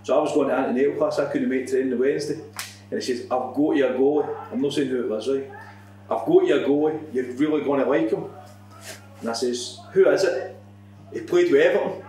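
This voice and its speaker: A man, a former football manager, telling a swearing, animated anecdote in a casual podcast chat. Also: medium pitch, fast talker. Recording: echoey room, distant mic, faint hum.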